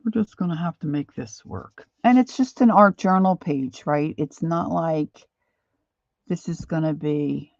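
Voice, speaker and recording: A middle-aged woman chatting casually and self-deprecatingly while she draws, halting with fillers as she works. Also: deep voice, gravelly, darkish tone, no echo, highs cut off. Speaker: art journaling vlogger. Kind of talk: casual live drawing chat.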